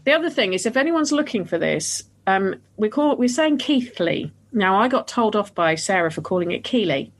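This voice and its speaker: A woman's voice: medium pitch, very animated, a little fast, few pauses. Chatty woman host. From northern England. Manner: chatty, many restarts and fillers. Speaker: podcast host. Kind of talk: casual chat.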